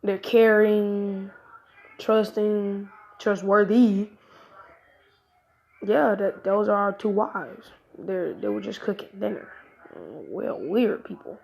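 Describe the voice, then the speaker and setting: A woman's voice: mid-range voice, unhurried, vocal fry, a little mellow. A woman improvising a fan-fiction story aloud, rambling in casual slang with many restarts.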